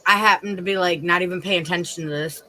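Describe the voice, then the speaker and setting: A man with a high, bright voice hosts a live stream, chatting in a loose, rambling way. A faint hum of noise sits behind him. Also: steady tone, fast, low-quality recording. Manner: chatty, rambling, many "like" fillers. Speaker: streamer host. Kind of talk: casual live-stream chat.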